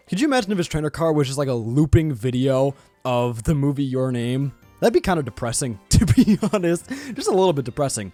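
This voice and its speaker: Excitable male gaming host, voice on the higher side, very animated pitch, laughs a lot. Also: fast, hardly any pauses, no room sound, soft background music. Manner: excitable and joking, laughs often. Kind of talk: casual gameplay commentary.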